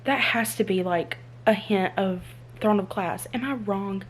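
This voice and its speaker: A young woman with a drawl talks casually to her phone camera, excitable and full of rhetorical questions. Her pitch sits in a middle range. A faint hum runs in the background. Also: measured pace. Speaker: book vlogger. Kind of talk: casual reading vlog chat. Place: indoors, then moving between spots without a tripod.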